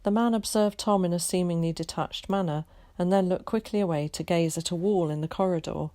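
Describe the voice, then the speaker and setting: A teacher reading a children's novel aloud, calm and measured. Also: female voice, lowish voice. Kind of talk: storybook read-aloud.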